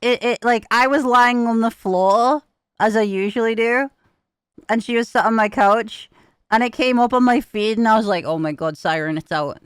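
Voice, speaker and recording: A young woman chats with her stream in a bright, smooth voice that sits a little high. Her talk is loose and giggly, with casual swearing and frequent asides to chat. The sound is close and dry, with no room around it. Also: fairly even intonation, normal speed, no room sound.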